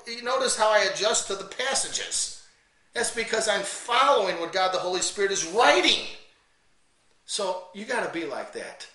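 A man teaching the Bible as a fiery sermon, swinging from quiet intensity to loud, angry preaching and reading scripture slowly with heavy emphasis. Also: sits high, lively intonation, reverberant, distant mic, poor audio.

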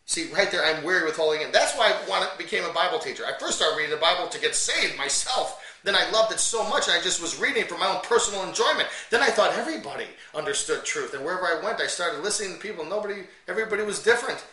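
A man teaching the Bible as a fiery sermon, swinging from quiet intensity to loud, angry preaching and reading scripture slowly with heavy emphasis. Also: high-pitched, lively intonation, reverberant, distant mic, low-quality recording.

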